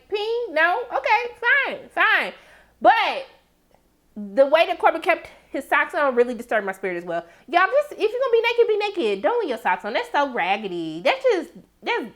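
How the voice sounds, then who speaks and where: Woman TV reviewer, casual recap; high voice that swings all over, slangy and animated. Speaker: TV episode reviewer.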